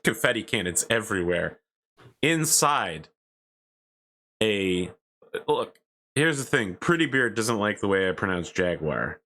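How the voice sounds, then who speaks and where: A man running a tabletop game who describes scenes casually. His voice is low-pitched yet bright. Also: big pitch swings, a little slow, long pauses. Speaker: game master.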